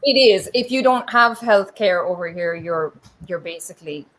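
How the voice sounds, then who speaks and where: A woman's voice: mid-range voice, expressive, moderate pace, fairly bright tone, poor audio. A woman from Ireland with an Irish accent, chatting casually as an interview guest, laughing and acting out quotes as she goes. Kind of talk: casual conversation.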